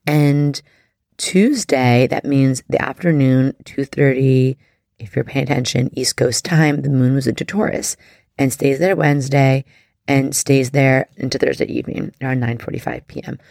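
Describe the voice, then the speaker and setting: Chatty gushy woman doing her podcast, lots of likes, bit of fry in the voice. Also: rumbling low, fairly even intonation, normal speed, darkish tone, dry recording, studio quality. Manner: effusive and heartfelt, heavy use of "like". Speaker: astrology podcast host. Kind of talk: casual podcast monologue.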